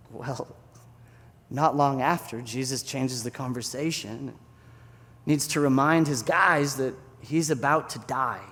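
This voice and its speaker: A pastor giving a sermon, telling a story in an animated, conversational way. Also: male voice, medium pitch, big-room sound.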